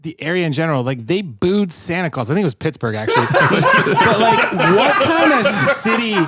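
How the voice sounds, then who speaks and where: A man's voice: high voice, wildly swooping pitch, moderate pace, heavy background noise. A man co-hosting a casual podcast chat, emphatic and opinionated, often laughing as he talks. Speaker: podcast co-host.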